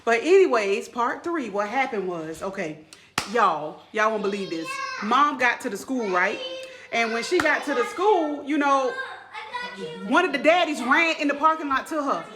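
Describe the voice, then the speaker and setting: A woman with a fairly high voice spins a gossipy storytime, chatty and lively, jumping into the quoted lines of each person in the story. Her front-office work story comes over a noisy recording with vehicle sounds in the background. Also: normal speed. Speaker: vlogger telling a story about her school front-office job. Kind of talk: casual storytime vlog.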